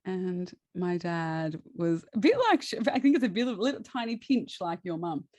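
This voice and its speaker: A woman's voice: lowish voice, normal speed, a little mellow, no echo. A woman, a guest chatting through a personal story, laughing often and restarting her sentences.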